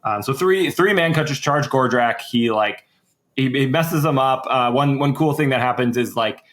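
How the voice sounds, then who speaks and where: Young man, casual podcast chat, rambling, full of likes and uhs, mid-pitched voice. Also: moderate pace, a bit bright. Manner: rambling, heavy on "like" and "uh", many restarts. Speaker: podcast co-host. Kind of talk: casual lore recap chat.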